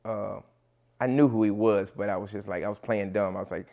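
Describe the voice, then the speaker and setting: A man with a low, gravelly voice tells a story from his days as a school coach. He acts out every quoted line as he goes. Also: fairly quick. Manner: animated retelling, acts out quotes. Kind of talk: interview storytelling.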